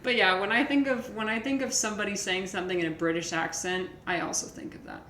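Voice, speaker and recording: A woman's voice: mid-range voice, steady tone, fast talker, fairly bright tone. A woman streamer, chatting casually with viewers in a rambling way, full of fillers and restarts. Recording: echoey room with faint noise.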